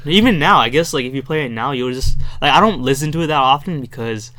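A man's voice: medium pitch, lively intonation, fast talker, sharp tone, no echo. A man from New York co-hosting a podcast, rambling casually with many "like"s and restarts. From Brooklyn, New York. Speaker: podcast co-host. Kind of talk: casual chat.

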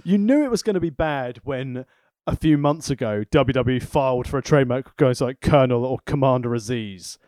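A man's voice: mid-range voice, a little fast, mellow, no echo. A man co-hosting a casual wrestling podcast, talking with dry, sarcastic wit. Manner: wry, sarcastic commentary.

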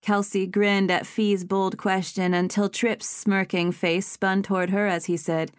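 A woman narrating an audiobook in a measured, expressive storytelling manner. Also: mid-range voice, clean tone, no echo, studio quality.

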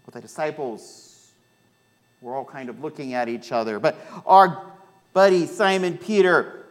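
A male pastor with a Midwestern American accent, preaching a sermon and telling a personal story with lively, acted-out quotes. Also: on the high side, unhurried. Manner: animated storytelling, acts out voices in quotes.

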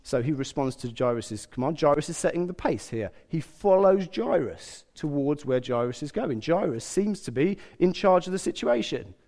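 Preacher in an echoing church hall. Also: male voice, a little high, normal speed, hardly any pauses. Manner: animated, conversational, acts out quotes with humour. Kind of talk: sermon. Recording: long hall reverb.

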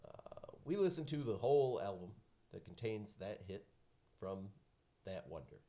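A man's voice: lowish voice, expressive, measured pace, warm tone. A man hosting a podcast in casual chat, making dry, wry remarks and trailing off into mumbled asides. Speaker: podcast host.

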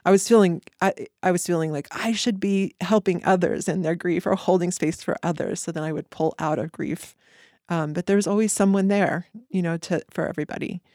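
A woman guest on a podcast, talking earnestly in a reflective conversation with halting restarts. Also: on the low side, fairly even intonation, a little mellow, no room sound, clean studio sound. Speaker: podcast guest, eating disorder clinic co-founder.

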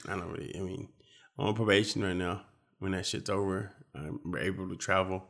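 A young man in casual conversation, rambling and profane, sometimes breaking into loud mock speeches. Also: low voice, steady tone, a little fast, gravelly. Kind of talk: casual chat.

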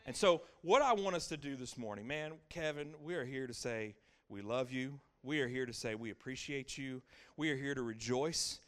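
At normal speed and medium pitch, a middle-aged pastor gives a sermon marked by emphatic repetition. His voice falls to hushed lines, then climbs to loud, exclaiming peaks.

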